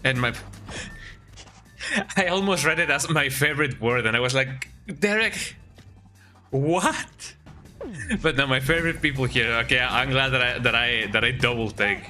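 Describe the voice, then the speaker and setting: Man, game streamer, very bright forceful voice, casual rambling chat, tags lines with "eh?", faint game music behind. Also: mid-range voice, moderate pace. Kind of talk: casual live-stream chat while gaming.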